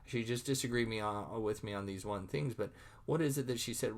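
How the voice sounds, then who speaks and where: A man's voice: mid-range voice, moderate pace, a little mellow. A man giving a recorded online lecture, speaking conversationally with many repeated words and acting out his own thoughts.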